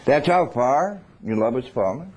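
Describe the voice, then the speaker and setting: A man preaching a sermon. He swings between loud and hushed and acts out little scenes. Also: medium pitch, expressive, measured pace, breathy edge, muffled recording.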